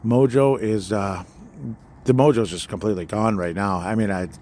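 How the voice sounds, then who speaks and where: A man's voice: fairly low pitch, moderate pace, mellow. A man from Minnesota hosting a solo sports podcast, rambling and sarcastic with lots of fillers, recorded outdoors by a fire pit at night. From Minnesota, USA. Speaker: podcast host. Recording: faint outdoor background noise.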